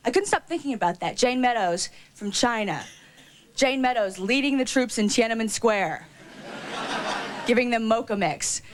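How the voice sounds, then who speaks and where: A woman doing a stand-up routine on stage, gossipy and quick with asides and fillers. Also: on the high side. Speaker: stand-up comedian.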